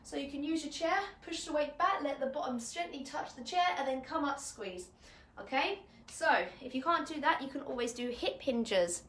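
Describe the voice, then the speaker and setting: A woman's voice: sits high, normal speed, a bit bright. A woman fitness coach, leading a live online workout at home in a chatty, upbeat way and laughing often. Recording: echoey room.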